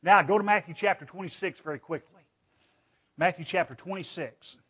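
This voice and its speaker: Man, preacher, slightly high voice, folksy conversational sermon, reads scripture aloud, dull lo-fi recording. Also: a little fast, a bit bright, husky. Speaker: preacher teaching a Bible study.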